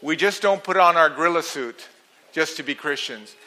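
Bright-voiced animated preacher man. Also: a little high, moderate pace. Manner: animated storyteller, laughs at his own jokes. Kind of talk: sermon.

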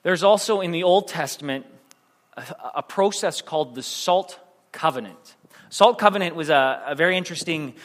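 A man's voice: on the high side, a bit bright, in a large hall. A male preacher giving a sermon in a casual, rambling way, with restarts and self-deprecating jokes.

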